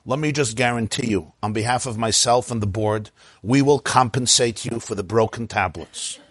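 A man voicing a calm, apologetic school principal in a joke, in soft, placating tones. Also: medium pitch, normal speed, husky, dry recording, close to an everyday voice. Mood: soothing.

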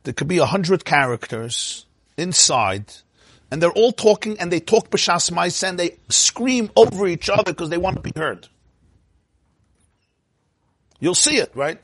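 A man giving an informal Torah lecture in a lively, joking way, acting out inner voices. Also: high voice, normal speed, slightly rough, no echo. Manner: animated, acts out inner voices, laughs at own jokes. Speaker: Torah class teacher.

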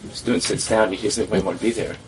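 A man's voice: on the low side, fast. Distant-miked man telling a story. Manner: animated storyteller who acts out quotes. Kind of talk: conversational storytelling. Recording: distant mic with faint background noise.

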